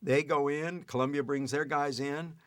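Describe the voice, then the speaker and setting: An older man telling a family anecdote in a lively way, chuckling as he goes. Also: on the high side, normal speed. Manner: lively retelling with acted-out quotes and chuckles. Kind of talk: anecdotal storytelling.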